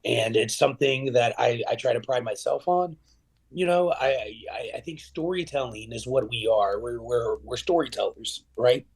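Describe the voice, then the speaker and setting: A man from Middle Tennessee, a professional wrestler talking as a podcast guest, rambling with lots of fillers and growing animated as he retells stories. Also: medium pitch, moderate pace, gravelly, slightly rough. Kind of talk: casual podcast storytelling.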